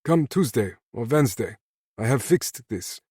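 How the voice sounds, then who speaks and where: A man's voice: medium pitch, lively intonation, measured pace, a little mellow, slightly rough, dry recording, voice pushed up. A fussy, kindly old jeweler, put on by a male audiobook narrator, speaking in clipped, broken English with a thick accent. The voice sits well above the narrator's own, set in a dry, close recording. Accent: thick foreign accent.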